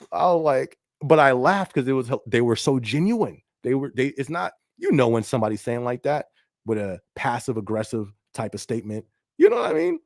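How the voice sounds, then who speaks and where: A man's voice: medium pitch, big pitch swings, fairly quick, gravelly, no echo, studio quality. A man hosting a casual podcast stream, reading viewer comments aloud in a laid-back way and often checking in with "you know what I mean". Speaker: podcast host and rapper.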